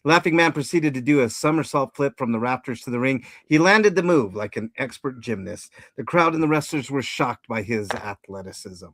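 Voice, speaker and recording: A man on a podcast reading a comedic story aloud in a casual, steady way, correcting himself now and then. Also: mid-range voice, moderate pace, few pauses, no echo, studio quality. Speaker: podcast co-host and story reader.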